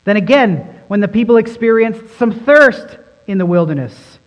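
A man's voice: high-pitched, expressive, moderate pace, dull audio. A man preaching a sermon as pastor, emphatic and fond of repeating phrases for stress. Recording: long reverb in a large hall.

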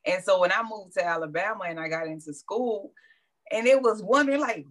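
A woman's voice: mid-range voice, a little fast. A woman guest from New Orleans with a New Orleans accent, telling her story in a reflective, casual way. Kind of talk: casual chat.

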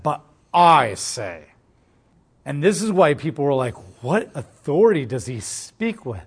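A man preaching a sermon, explaining scripture in a loose, conversational storytelling way. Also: fairly high pitch. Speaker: pastor.

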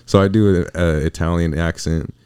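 A man's voice: sits low, steady tone, moderate pace, a little mellow, clear, resonant tone, no echo, clean studio sound. A man chatting casually on a podcast, laid-back and joking, often laughing as he talks.

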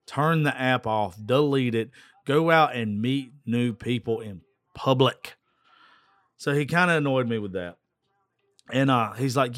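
A man hosts his own show and tells a story as a rant. He is blunt, exasperated and swears freely. His voice sits at an ordinary pitch and sounds dry and close, with no room around it. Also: unhurried, a bit bright, no echo. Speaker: podcast host.

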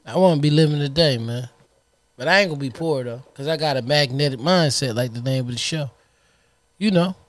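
A man's voice: medium pitch, a little fast. A man co-hosting a podcast in casual banter, loose and slangy, laughing often. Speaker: podcast co-host.

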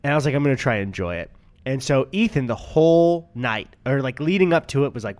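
A man's voice: mid-range voice, expressive, quick pace, darkish tone. A man in his twenties, co-hosting a podcast, chatting casually and telling stories with frequent laughter and swearing. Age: 20s. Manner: storytelling, laughs often, swearing. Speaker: podcast co-host. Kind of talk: casual chat.

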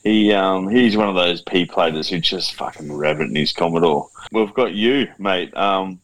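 A man's voice: low-pitched, moderate pace, no echo, poor audio. A man co-hosting a podcast, teasing his friends in casual banter and swearing freely. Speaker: podcast co-host.

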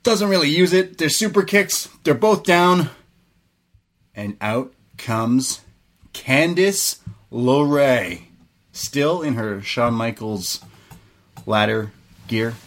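A young man tells the story with eager energy, cursing casually and breaking into laughter. His voice sits at an ordinary middle pitch, and he talks like a fan chatting with a friend on a podcast. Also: slow pace, pauses often. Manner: animated storyteller, swears freely, laughs often. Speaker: podcast co-host. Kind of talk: casual excited recap.

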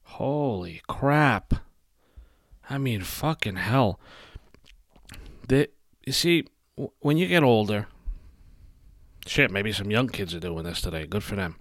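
A man's voice: lowish voice, animated, slow, long pauses, fairly bright tone, dry recording, studio quality. A man hosting a solo podcast, ranting bluntly and emphatically with constant swearing. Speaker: podcast host. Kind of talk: profane solo podcast rant.

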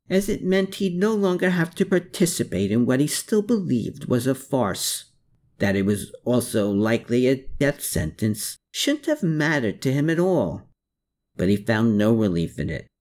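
Man, audiobook narrator, scripted novel reading, animated pitch.

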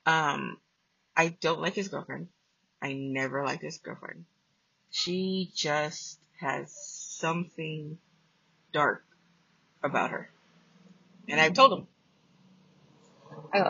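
Woman host telling a spooky story, raspy and bright, cusses a lot, flat dry lo-fi sound. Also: deep voice, takes it slowly, pauses often, dry recording. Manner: blunt, profane, animated storytelling. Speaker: podcast host. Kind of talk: casual storytelling. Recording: dull lo-fi dry recording.

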